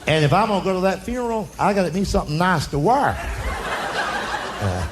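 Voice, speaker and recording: This middle-aged comedian from the US drawls through folksy stand-up stories, his high voice sing-song and fairly quick. It's captured live on a stage mic at a comedy club, where the crowd laughs and murmurs in the background.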